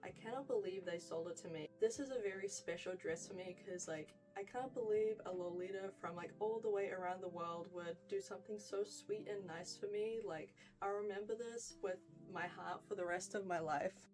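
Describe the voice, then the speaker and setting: A woman's voice: medium pitch, normal speed, few pauses, darkish tone, far from the mic, soft background music, poor audio. A young woman with a New Zealand accent giving a chatty, gushing wardrobe tour, full of "like" and "freaking". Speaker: fashion vlogger.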